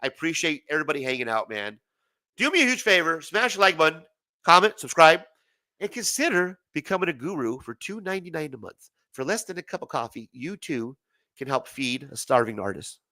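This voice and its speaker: Male livestream host, bright and lively voice, tired and wearing thin, profane rambling rant, laughs often. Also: fairly high pitch, fairly quick. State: voice failing, tired. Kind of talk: late-night livestream rant.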